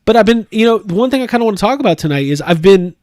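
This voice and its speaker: A man hosting a casual chat, rambling with lots of fillers and animated jumps in tone. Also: high-pitched, fast talker, crowd noise. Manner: rambling, animated, laughs often. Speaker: podcast host.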